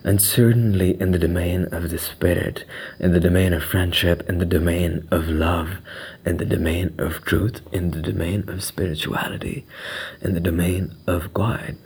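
A man's voice: low-pitched, steady tone, moderate pace, husky. Musing young man. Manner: musing, mixes in Urdu phrases, drops into hushed whispers. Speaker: podcast host. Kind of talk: reflective monologue.

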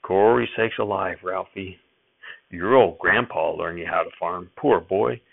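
A man's voice: fairly low pitch, expressive, moderate pace, creaky, breathy edge, no room sound, heavily acted. A man voicing a cranky old farmer grandfather who scolds and hollers in a rural drawl. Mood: gentle sorrowful. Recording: dry tinny phone-like sound.

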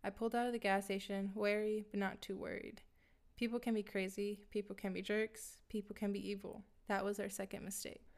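A woman narrating a first-person horror tale in a level, unhurried way. Her delivery stays even and flat, with a gravelly fry under her words, and she drops in dry remarks to the audience. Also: medium pitch. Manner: matter-of-fact, dry asides to listeners. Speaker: storyteller.

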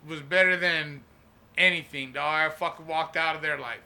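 A young man and stand-up comedian tells stories in an animated, profane way, full of "dude" and "bro". His voice sits high and sounds very bright and forceful. The talk is a loose, casual podcast chat. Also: moderate pace.

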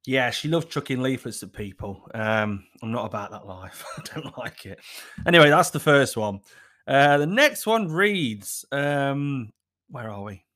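Man, podcast host, sweary, lively pitch. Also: slow pace, pauses often. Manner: sweary, animated, laughing asides. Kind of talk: comic podcast reading letters.

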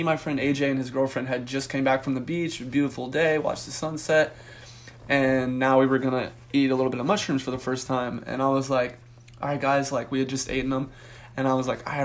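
A young man co-hosting a podcast, telling a profane story in a casual, animated way and acting out the voices in it. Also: mid-range voice. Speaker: podcast co-host.

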